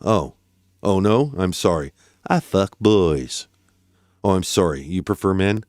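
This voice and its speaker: A man voicing a stern, curt male judge who speaks in a measured, deadpan way, in a dramatic reading of a court transcript. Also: low voice, dry recording, studio quality, voice pushed down.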